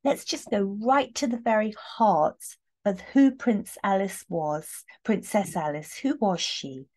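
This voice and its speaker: A woman chatting warmly through a tarot reading, heartfelt, with many fillers and restarts. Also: medium pitch, a little slow. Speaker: tarot reader. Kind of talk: casual tarot reading talk.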